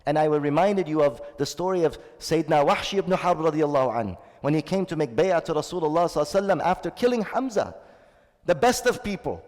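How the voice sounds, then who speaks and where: A man's voice: fairly high pitch, animated, fast, a little mellow. Man, shaykh, sermon, earnest, repeats points, Arabic recitation, long reverb. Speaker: shaykh giving a Ramadan talk.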